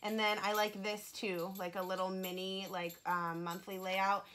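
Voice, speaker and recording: A woman's voice: medium pitch, level tone, normal speed, a bit bright, soft background music. A woman in her twenties chatting casually through an unboxing, gushing and emotional, with lots of "like" fillers. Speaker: vlogger.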